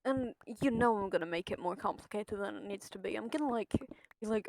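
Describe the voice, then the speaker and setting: A woman's voice: fairly high pitch, normal speed, long pauses, a little mellow. A woman streaming a game, chatting casually with her viewers and swearing freely. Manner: chatty, swears freely, talks to chat while playing.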